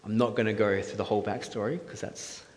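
A man's voice: on the low side, steady tone, fast talker, darkish tone. A man preaching a casual sermon in a church hall, chatty and jokey, quizzing the audience with questions. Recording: echoey hall with faint ambience.

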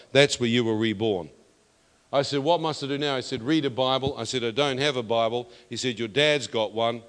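A man preaching his testimony, his voice sitting at an ordinary middle pitch. He is emphatic and builds toward loud declarations. His voice rings with the long reverb of a large church hall. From New Zealand. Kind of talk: testimony sermon.

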